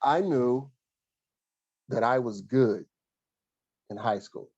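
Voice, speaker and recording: A man recalling his past in an interview, earnest and halting, pausing often with fillers and restarts. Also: medium pitch, a little mellow, slightly rough, no room sound, muffled recording. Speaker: guest, former college athlete and coach. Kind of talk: reflective interview storytelling.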